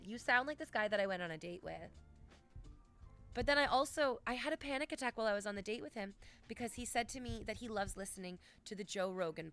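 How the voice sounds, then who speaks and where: A woman's voice: lowish voice, creaky, a bit bright. A woman in her thirties, a streamer in casual chat, talking bluntly and profanely in a rambling way. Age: 30s.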